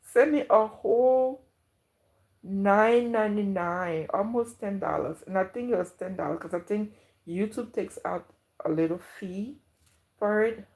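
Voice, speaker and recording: A woman's voice: mid-range voice, a little slow, a little mellow. A woman livestreaming from her home kitchen, chatting casually and gushing thanks to her viewers. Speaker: YouTuber livestreaming.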